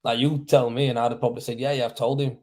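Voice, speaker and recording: A man's voice: mid-range voice, level tone, fast. A man in casual live-stream chat, a plasterer spinning yarns about old jobs. He talks loosely, breaking into laughs, with swearing slipped in. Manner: chatty storyteller, laughs often, swears casually.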